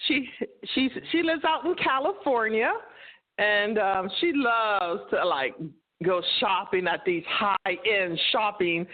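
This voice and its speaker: A middle-aged American woman, a guest on an interview show, chatting in an animated way, laughing often and acting out the voices in her stories. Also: medium pitch, takes it slowly. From United States. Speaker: guest, co-host of a cooking show. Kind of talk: casual interview chat. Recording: tinny phone-like line.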